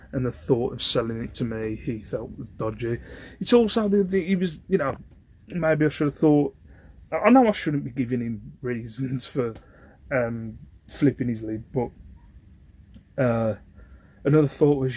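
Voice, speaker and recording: A man's voice: mid-range voice, darkish tone. A young British man, the host, telling a story in a casual, rambling way and often asking if you know what he means. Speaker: host, online reseller.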